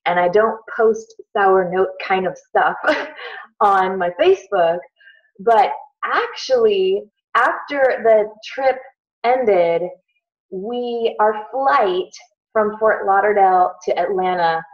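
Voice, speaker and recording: A woman's voice: medium pitch, slow. A middle-aged woman talking casually to her team, telling a story with many fillers and restarts. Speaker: team leader on a call. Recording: muffled lo-fi call audio.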